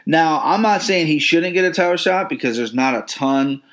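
A man's voice: on the high side, expressive, moderate pace, fairly bright tone. A man hosting a podcast, giving brash, profane, opinionated commentary on fighters. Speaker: podcast host.

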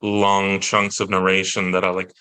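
A man's voice: low voice, completely flat delivery, normal speed, bright, forceful tone, smooth, poor audio. A man, a guest actor, chatting on a podcast in a self-deprecating, joking way with many restarts. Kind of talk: casual podcast chat.

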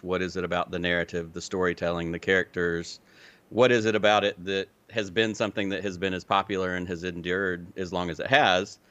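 A man in his forties, from Illinois but raised in Alabama, tells his story as a podcast guest in a casual interview chat. His low voice carries a Southern US accent with a Midwestern touch, and he speaks in a relaxed, clearly enunciated way. The recording is dry and muffled.

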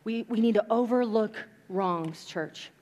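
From the pulpit of a church sanctuary, a woman pastor preaches a sermon with animated storytelling, acting out the people in her stories. Her fairly high voice is unhurried and rings with long church-hall reverb.

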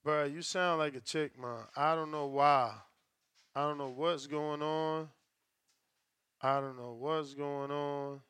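Smooth high-voiced slangy host. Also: male voice, steady tone, slow, a bit bright, dry recording. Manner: slangy, profane, joking banter. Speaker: show host. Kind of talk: casual live-stream call-in show.

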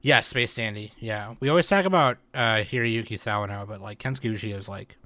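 Male podcast host, bright tone, casual rambling delivery, dry recording. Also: on the low side, no echo. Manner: relaxed, rambling with fillers and quick laughs.

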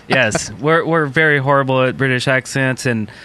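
A man's voice: medium pitch, moderate pace, pushed and bright, smooth. A man co-hosting a podcast in casual, enthusiastic, jokey chat. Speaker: podcast co-host.

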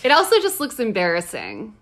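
A young woman co-hosting a podcast, chatting casually and giggling through animated stories. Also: a little high, fairly quick, background noise. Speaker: podcast co-host. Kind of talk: casual chat.

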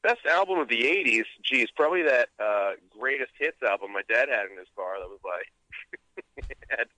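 A man chatting as a remote guest over a glitchy phone line, making deadpan jokes. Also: medium pitch, moderate pace, no room sound. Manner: jokey, deadpan quips. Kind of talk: casual chat. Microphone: phone call.

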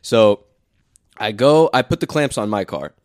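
A young man telling a funny story in casual chat, animated, laughing often and acting out what people said. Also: lowish voice, unhurried, no room sound, clean studio sound.

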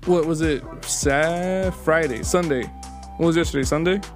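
A man's voice: fairly high pitch, normal speed, soft background music. Rambling young man telling stories. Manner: rambling storyteller, swears often, laughs at himself. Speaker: podcast co-host. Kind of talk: casual chat.

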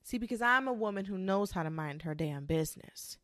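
A woman's voice: mid-range voice, lively intonation, fairly quick, a bit bright, dry recording, studio quality. A young adult woman ranting in a sassy, profane monologue, mocking others with quoted voices.

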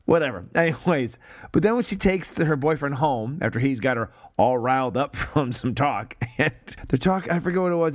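A man co-hosting a podcast, chatting casually about old films, laughing often and swearing freely as he rambles. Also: mid-range voice. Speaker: podcast co-host. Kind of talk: casual film review chat.

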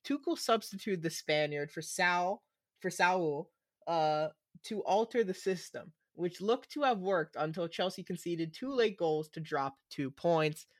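A man's voice: high voice, lively intonation, measured pace, a bit bright, no room sound, clean studio sound. A young man co-hosting a casual podcast, teasing his friends as he reads out player ratings.

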